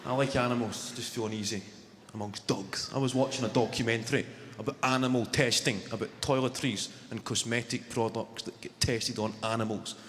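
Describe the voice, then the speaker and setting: A man's voice: mid-range voice, fairly even intonation, a little fast, background noise. A man in his twenties with a Scottish accent, doing stand-up with wry storytelling and dry asides. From Scotland. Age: 20s. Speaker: stand-up comedian. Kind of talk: stand-up comedy. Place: theatre stage. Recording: large hall with loud crowd ambience. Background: audience laughter.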